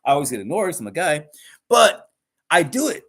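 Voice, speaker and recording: Man, middle-aged, podcast host, casual rant, blunt, profane, emphatic, slightly high voice. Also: very animated, fairly quick, creaky, fairly bright tone. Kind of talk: casual ranting monologue. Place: live podcast recording.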